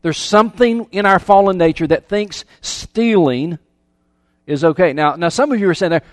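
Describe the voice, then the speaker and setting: Delivering a sermon in a chatty style, a pastor poses questions to his audience and repeats words as he goes. He speaks at a moderate pace in a high voice, with dry, studio-quality sound.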